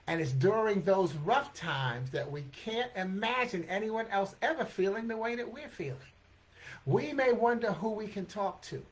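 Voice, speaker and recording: An author in their sixties giving a motivational talk and reading a poem, talking in an emphatic, repetitive way and laughing often. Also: medium pitch. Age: 60s. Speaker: author and poet.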